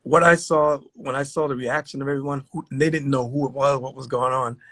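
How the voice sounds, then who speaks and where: Male interviewer, mid pitch, eager, halting, dry close sound. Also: fairly even intonation, fairly bright tone, no echo. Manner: enthusiastic, halting with fillers. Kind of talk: casual interview.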